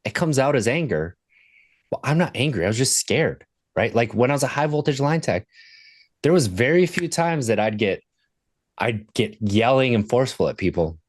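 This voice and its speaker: A man's voice: medium pitch, expressive, moderate pace, no echo. A man in his thirties, a sobriety coach appearing as a podcast guest, earnestly telling stories from his own life in a casual conversation. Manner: earnest storyteller, retelling moments from his life.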